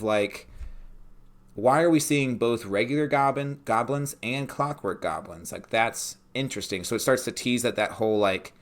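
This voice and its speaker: A man's voice: medium pitch, a bit bright. Rambling young male game master. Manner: rambling, filler-heavy, talks it out. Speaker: podcast co-host, game master. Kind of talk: casual chat.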